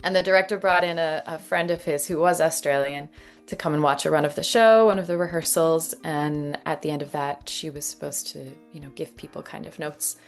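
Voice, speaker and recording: A Canadian woman in her thirties, an actress and dialect coach telling her story in an interview, lively and often laughing. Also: deep voice, a little fast, soft background music. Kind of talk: conversational interview.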